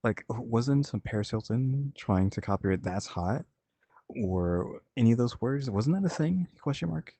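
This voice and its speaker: A man's voice: mid-range voice, expressive, unhurried, dark tone, breathy edge, no echo. A man hosting a reaction video, chatting casually and rambling as he thinks aloud. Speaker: reaction channel host.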